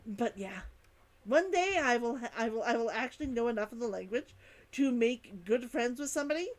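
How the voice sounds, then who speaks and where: A woman's voice: on the high side, animated, brisk. Chatty woman streaming a game. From Canada. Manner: chatty, enthusiastic, laughs often, repeats herself. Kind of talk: casual gameplay chat.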